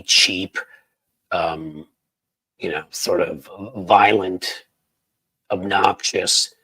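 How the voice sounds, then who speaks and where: A man from the United States hosts a casual political livestream, rambling through viewer comments with angry sarcasm. His voice sits very low and sounds husky. He talks with plenty of fillers and restarts. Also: a bit bright, low-quality recording.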